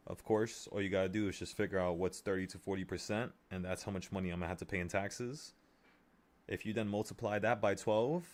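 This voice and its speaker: A young man with a lowish voice talks straight to his viewers about trading money. He runs through the numbers out loud, blunt and pumped up, in casual everyday speech. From New York. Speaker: trading vlogger.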